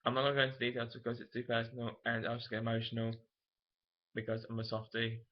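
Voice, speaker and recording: A man's voice: mid-range voice, monotone, fast. A young man, telling a personal story to camera in a frank, emotional, rambling way. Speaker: vlogger. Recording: dull lo-fi camera audio.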